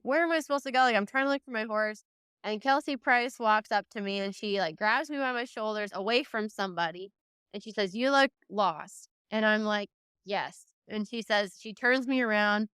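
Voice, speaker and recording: A young woman with an exceptionally clear, smooth voice, recorded close and dry with no room sound. She talks at a middle pitch. Her story runs on in long loose chains of "like" and "you know", with the sincere and casual feel of an interview guest. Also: a bit bright, no echo. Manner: rambling, emotional play-by-play full of "like" and "you know". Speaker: guest, reining horse trainer.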